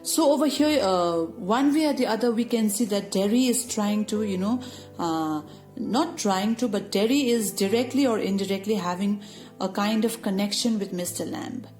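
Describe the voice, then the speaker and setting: A woman teacher patiently explaining a story summary to students, often pausing with "you know". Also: medium pitch, a little mellow, faint music behind.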